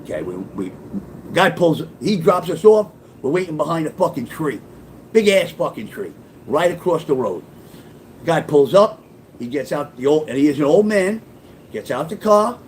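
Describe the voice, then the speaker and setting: A man recounts his own story in blunt, profane street talk. His voice sits slightly high and leaps up and down with energy. A faint low rumble hums under the recording. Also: very animated, normal speed. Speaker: storyteller and author. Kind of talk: casual spoken storytelling.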